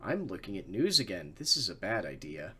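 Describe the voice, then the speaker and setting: A man's voice: low-pitched, sing-song, brisk, pushed and bright, husky. A man streaming a video game, chatting casually as he plays, rambling and swearing freely with self-mocking asides. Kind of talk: casual gameplay commentary.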